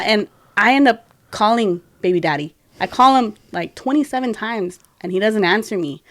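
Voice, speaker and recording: A woman's voice: medium pitch, moderate pace, few pauses, dry recording, studio quality. A young woman co-hosting a podcast, telling a personal story in casual chat, acting out quotes and dropping in Spanish words. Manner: animated, acts out quotes, mixes in Spanish words. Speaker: podcast co-host.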